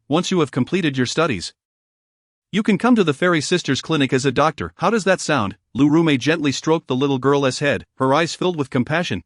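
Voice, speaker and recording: A man narrating a story in a measured, even reading voice. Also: fairly high pitch, dry recording, studio quality.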